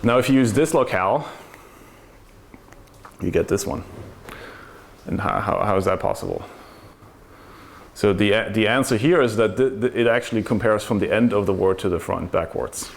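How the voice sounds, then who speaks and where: Man, low voice, technical conference speaker, explanatory, faint background noise. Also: normal speed, creaky, pauses often. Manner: explanatory, asks rhetorical questions.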